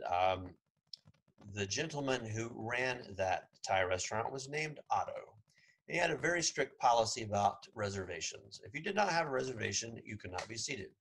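A man's voice: fairly low pitch, a bit bright, slight background noise, poor audio. A man giving a casual classroom lecture as a psychology professor, chatty, with sarcastic asides and frequent fillers.

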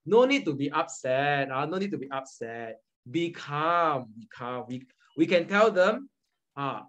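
A man's voice: fairly high pitch, very animated, unhurried, a bit bright, poor audio. A young man with a Malaysian English accent, teaching an online Buddhist study group in a patient lecture style and repeating points often. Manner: repetitive, patient teaching with frequent "okay" and "all right". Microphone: video call.

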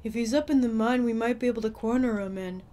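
A woman voicing a large, gentle bear of a young man in a video game, reading his lines in a calm, measured way. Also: on the high side, lightly acted.

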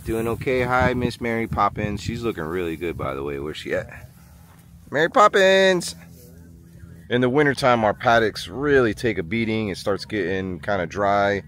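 Low-voiced man chatting on his farm. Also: animated, a little fast, few pauses, a little hiss or hum. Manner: chatty, talks to his animals in a high coaxing voice. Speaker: farm vlogger. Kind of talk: casual vlog chat. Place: outdoors on a small farm by paddocks and barn.

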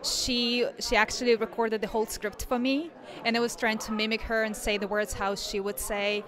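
Soft-spoken woman with Russian accent. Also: fairly high pitch, flat delivery, moderate pace, a crowd in the background. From Siberia, Russia. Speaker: actress. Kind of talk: interview answers.

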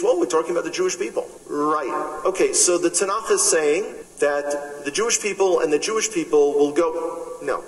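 Bronx-accented man preaching in an echoey hall. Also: a little high. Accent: New York Bronx. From New York. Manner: emphatic, humorous asides, rhetorical questions. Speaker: speaker at a gathering. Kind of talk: impassioned religious speech. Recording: echoey hall, speaker far from mic.

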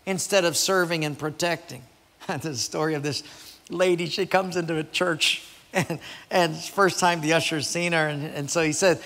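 In a church sanctuary, a male pastor delivers a sermon full of animated stories with acted-out voices. He speaks at a moderate pace in a slightly high voice that carries through the large hall.

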